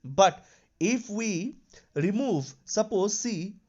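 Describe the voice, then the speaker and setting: A man's voice: high-pitched, lively intonation, takes it slowly, a little mellow, muffled recording. A man teaching an English grammar lesson, explaining patiently and repeating his examples with lots of "you know" and "okay".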